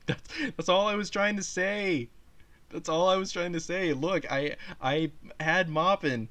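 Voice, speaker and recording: A man's voice: high-pitched, unhurried, a bit bright. A man hosting a reaction video, talking casually, swearing and defiant. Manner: profane, sarcastic, defiant. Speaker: YouTube host.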